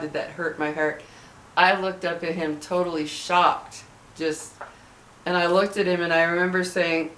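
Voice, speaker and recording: A middle-aged woman vlogger talking earnestly to her viewers about personal matters, halting and restarting her sentences often. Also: on the low side, level tone. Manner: halting, with many restarts and soft earnest asides. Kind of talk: heartfelt personal talk to camera. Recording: echoey room with faint background hum.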